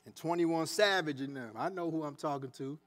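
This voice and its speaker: High-voiced man preaching. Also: fairly quick. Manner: animated, conversational preaching with dialect and asides. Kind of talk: sermon. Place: church sanctuary.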